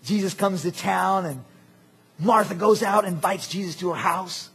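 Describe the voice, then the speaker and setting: A man preaching a sermon as pastor, animated and jokey, swinging between loud outbursts and quiet asides. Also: high-pitched, moderate pace, gravelly, breathy edge.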